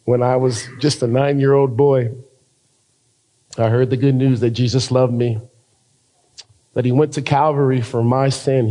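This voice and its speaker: A man with an American accent preaching a sermon as pastor, climbing to loud emphatic peaks and drawing key phrases out slowly. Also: medium pitch, rough recording.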